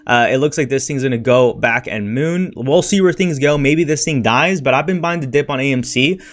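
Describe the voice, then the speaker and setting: A man's voice: medium pitch, moderate pace. Blunt, slangy man ranting on a stream. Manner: blunt and slangy, says "freaking", "bro" and "dude" often; frustrated, venting. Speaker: crypto trading livestreamer. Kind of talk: casual livestream rant and market talk.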